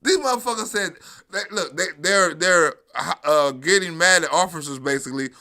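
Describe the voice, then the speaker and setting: Middle-aged new york guy ranting live over news clips, high voice, bright sharp tone, keeps cracking up laughing. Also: normal speed. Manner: mocking, laughs often, swears heavily. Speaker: commentator reacting to news clips. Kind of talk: profane live-stream commentary.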